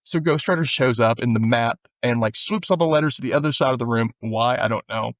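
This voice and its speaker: A man's voice: mid-range voice, brisk, no echo, highs cut off. A man hosting a podcast, casually recapping an episode and acting out the characters' lines. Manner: animated retelling, acts out character lines. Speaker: podcast host.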